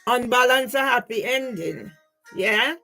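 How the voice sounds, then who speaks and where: A woman's voice: fairly high pitch, a little slow, creaky, bright, forceful tone, soft background music, rough recording. An older woman talking casually through her personal photos in a rambling, grieving way, often checking in with the listener. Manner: rambling, repeatedly asks "yeah?"; grieving, aggrieved. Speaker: vlogger.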